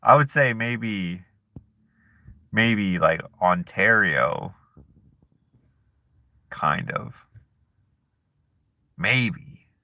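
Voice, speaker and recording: A man's voice: fairly low pitch, drawn-out words, long pauses, bright, forceful tone, no room sound. A man hosting a casual live chat who reads viewer comments aloud and jokes and laughs at himself in a laid-back way. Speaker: streamer host.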